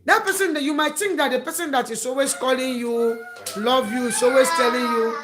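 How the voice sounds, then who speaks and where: A woman's voice: on the high side, brisk, noisy background. A woman giving emphatic, repetitive advice to camera and acting out the words of friends. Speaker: advice vlogger. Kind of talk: preachy advice talk to camera.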